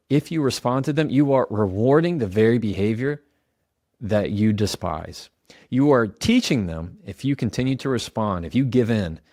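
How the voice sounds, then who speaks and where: A man's voice: mid-range voice, darkish tone, no echo. Earnest man coaching in a dry voice. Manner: earnest, coaching, acts out example phrases. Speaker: communication coach. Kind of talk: advice talk to camera.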